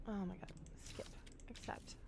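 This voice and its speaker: A woman's voice: a little slow, noisy background. A woman live streaming from home, chatting casually and swearing freely as she talks straight to her viewers while setting up a game.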